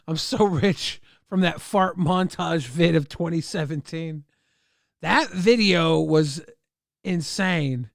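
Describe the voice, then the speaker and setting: A man streaming live, chatting casually and reacting to videos with excitable, profane outbursts. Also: a little high, extremely slow, gravelly, dry recording, studio quality.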